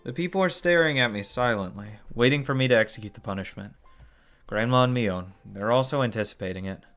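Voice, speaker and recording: A man's voice: mid-range voice, fairly quick, a bit bright, soft background music. A man reading a visual novel aloud as a let's play host, breaking off into shocked cursing and groans. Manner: shocked cursing and groaning between read lines.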